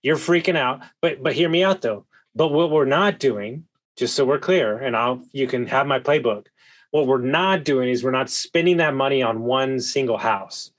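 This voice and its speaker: Excitable male podcast host. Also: medium pitch. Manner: emphatic and excitable, quick restarts. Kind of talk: conversational interview.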